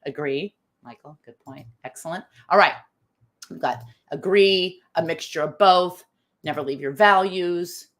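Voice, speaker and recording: A woman's voice: on the low side, measured pace, fairly bright tone. A middle-aged woman from the United States hosts a live-stream talk, thinking aloud, restarting phrases and reading out viewer comments. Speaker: live show host.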